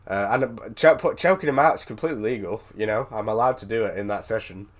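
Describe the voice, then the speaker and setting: A British man chatting casually with a friend, telling an animated story, swearing freely and often restarting his sentences. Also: fairly low pitch, quick pace. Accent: British English. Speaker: streamer. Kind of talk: casual chat on a voice call.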